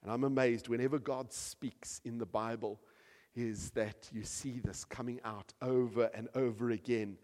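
A man preaching a sermon with emphatic delivery, rising to loud peaks and dropping to soft, quiet passages. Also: medium pitch. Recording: long hall reverb.

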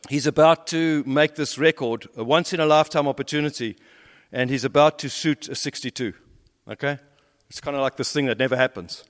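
A man preaching a sermon, telling stories and swinging between emphatic rises and low, quiet drops. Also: fairly quick. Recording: long hall reverb.

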